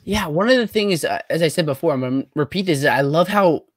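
A man's voice: on the high side, expressive, fast, no echo. A young man hosting a podcast, chatting casually and upbeat, with many "um" and "like" fillers. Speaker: podcast host. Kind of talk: casual interview chat.

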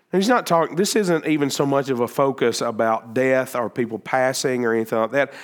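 A man preaching a sermon, acting out the words of Bible figures and swinging between loud emphatic peaks and quieter stretches of explaining. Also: medium pitch. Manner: animated, acts out Bible figures' words in quoted speech. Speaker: pastor.

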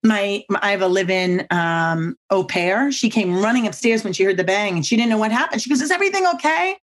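A woman speaking as a podcast guest, telling lively anecdotes and acting out other people's lines with big jumps in pitch. She talks emphatically and comes back to her own catchphrases. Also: fairly quick. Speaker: guest speaker on body language. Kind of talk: animated storytelling on a podcast.

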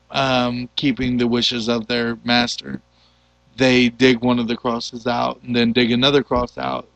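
A man hosting a casual movie podcast, retelling a film plot in an animated, loose way with the odd curse. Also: mid-range voice, vocal fry, no room sound, poor audio. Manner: animated storyteller, loose and profane. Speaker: podcast host.

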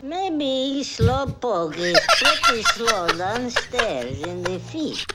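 An actor voicing a slow, sleepy cartoon mouse, heard from a played clip with music. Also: male voice, very high-pitched, huge pitch swings, exaggerated voice.

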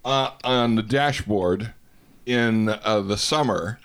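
A man's voice: on the low side, slow pace, a bit bright. A man co-hosting a casual podcast, rambling as he gropes for the right comparison. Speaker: podcast co-host. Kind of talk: casual chat.

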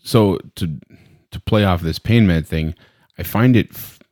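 Very low-voiced man, joking clinician. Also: unhurried, dry recording, studio quality. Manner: animated, joking, acts out patients. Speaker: medical practitioner, podcast host. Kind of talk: casual podcast conversation.

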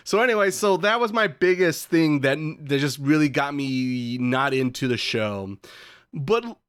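A man's voice: on the high side, expressive, a little slow, fairly bright tone, clean tone, no echo, clean studio sound. A man co-hosting a podcast in casual chat, rambling and joking with the odd swear word. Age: adult who calls himself old. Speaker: podcast co-host.

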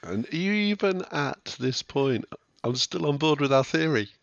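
A man's voice: a little high, big pitch swings, a little slow, vocal fry, dry recording. A man co-hosting a podcast, agreeing readily in short remarks that trail off. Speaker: podcast co-host. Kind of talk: casual chat about a TV show. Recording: dull lo-fi dry mic.

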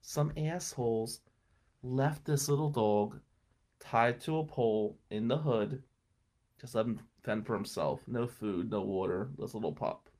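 A middle-aged man with a voice pitched in a plain middle register tells a story in a relaxed, conversational way. He is blunt and swears easily, and he gets animated, pushing hard on big moments and dropping quiet for tender ones. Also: a little slow. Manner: animated, emphatic, swings between loud and hushed. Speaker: podcast guest telling a life story. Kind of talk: casual storytelling.

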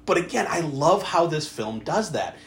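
A man hosting a podcast, chatting casually about a movie, animated and swearing freely as he acts out scenes. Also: a little high, normal speed. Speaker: podcast host. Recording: echoey room.

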